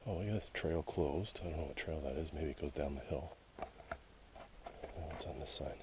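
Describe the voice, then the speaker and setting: This Canadian man's voice is pitched extremely low and moves at a normal speed, and the recording is very noisy. He's a hiking vlogger on a wooded outdoor trail, casually narrating to an action camera with dry, grumbly humor.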